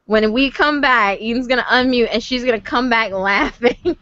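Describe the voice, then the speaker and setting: A woman's voice: on the high side, fairly bright tone, dry recording. A woman hosting a voice-chat story night, talking casually, laughing helplessly and swearing freely. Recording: dull, lo-fi stream audio.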